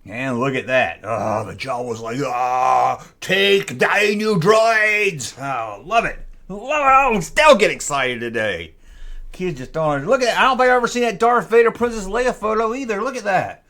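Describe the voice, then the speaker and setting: A middle-aged man with a high, lively voice that leaps up and down as he talks. He rambles happily and half to himself, reading captions aloud in casual, unscripted commentary. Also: normal speed. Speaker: collector flipping through a vintage magazine.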